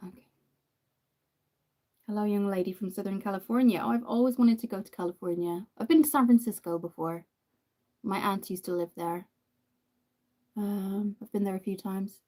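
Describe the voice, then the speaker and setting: A woman's voice: mid-range voice, moderate pace, pauses often, warm tone. Irish woman chatting through a makeup stream. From Ireland. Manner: chatty, answers viewer comments, many fillers. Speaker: makeup livestream host. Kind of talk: casual live chat while doing makeup.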